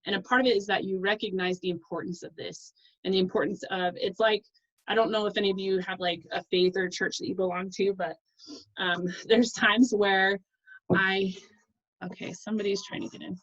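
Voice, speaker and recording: A woman's voice: mid-range voice, fairly even intonation, muffled recording. Effusive woman leading a team call. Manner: fast, effusive, self-interrupting. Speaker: team leader on a coaching call. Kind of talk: casual motivational team call.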